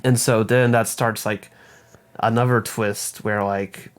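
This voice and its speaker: A man's voice: lowish voice, steady tone, slow pace, smooth. Profane young man recapping a film plot. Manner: profane, rambling plot retelling with mock voices for characters. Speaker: podcast co-host.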